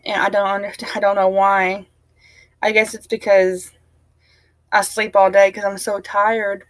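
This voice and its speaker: Young woman, home vlogger, rambling chatty storyteller, sounds tired, mid-pitched voice, dry close sound. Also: level tone, measured pace, dry recording. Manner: chatty, rambling, laughs while recounting. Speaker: family vlogger. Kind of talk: casual storytelling to camera.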